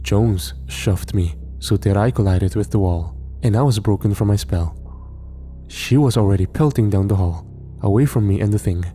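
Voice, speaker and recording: A man narrating a horror story in a measured storytelling manner. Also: lowish voice, mellow, faint music behind.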